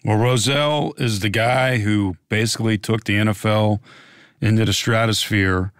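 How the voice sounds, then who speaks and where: Interviewer, lowish voice, dry close sound, friendly questions. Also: male voice, steady tone, normal speed, fairly bright tone, clean tone, no room sound. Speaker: podcast host.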